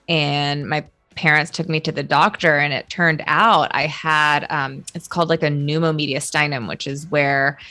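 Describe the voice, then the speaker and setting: Bright low-voiced woman telling a story. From United States. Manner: chatty, self-correcting storyteller. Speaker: guest expert. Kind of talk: telling a personal story in an interview.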